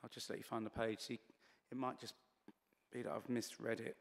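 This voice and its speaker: A man's voice: mid-range voice, flat delivery, brisk, gravelly, big-room sound. A man questioning as a councillor at a committee meeting, hesitant and slightly losing his voice. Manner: hesitant, many fillers and restarts.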